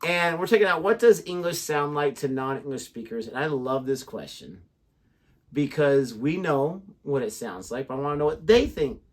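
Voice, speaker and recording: A man's voice: a little high, lively intonation, normal speed. A man co-hosting a reaction video, chatting casually in a rambling, self-mocking way. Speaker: co-host of a reaction channel.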